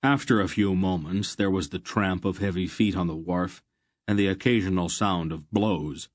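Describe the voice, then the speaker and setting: A man reading a fantasy audiobook in a measured, steady narration. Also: sits low, no room sound, clean studio sound.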